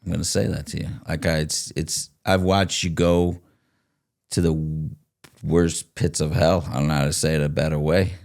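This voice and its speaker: Middle-aged male host, very deep voice, blunt and direct. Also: little pitch movement, moderate pace, creaky, darkish tone. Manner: direct and blunt, talks to an old friend. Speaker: podcast host. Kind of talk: casual interview chat.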